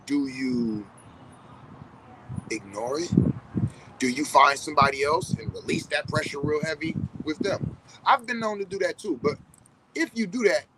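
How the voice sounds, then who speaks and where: A man's voice: mid-range voice, fairly bright tone, slight background noise, rough recording. Man talking straight to his viewers. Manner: conversational, addresses viewers directly, profane. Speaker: vlogger. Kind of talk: reflective casual monologue.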